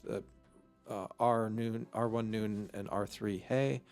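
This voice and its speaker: Man, mid-pitched, very slow and halting delivery, full of fillers, teaching vocabulary over faint music. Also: fairly even intonation, a little mellow. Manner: slow and halting, thinking aloud with many fillers. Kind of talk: unscripted vocabulary lesson.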